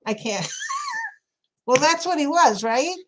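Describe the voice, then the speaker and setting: A woman with a New York accent hosts a craft livestream and chats with her viewers as she works. Her voice sits a little high, and she laughs easily between chatty remarks. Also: expressive, slow, a bit bright, slight background noise. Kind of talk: casual chat while crafting.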